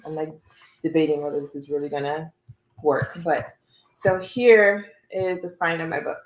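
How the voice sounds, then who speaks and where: A woman's voice: sits low, steady tone, moderate pace, reverberant, rough recording. A woman co-hosting a casual crafting livestream, talking cheerfully through her steps with lots of fillers.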